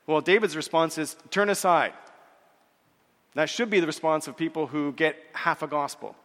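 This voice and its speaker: Preaching with earnest conviction, a pastor speaks in a slightly high, a bit bright voice, echoing words back and easing his pace for scripture. The sermon rings with long reverb, as if in a church hall.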